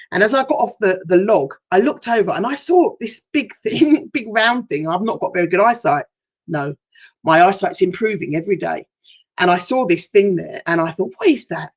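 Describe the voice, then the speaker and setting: Middle-aged woman, breathy voice, heartfelt personal story, emotional retelling, livestream talk. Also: on the low side. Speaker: hypnotherapist. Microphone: livestream setup.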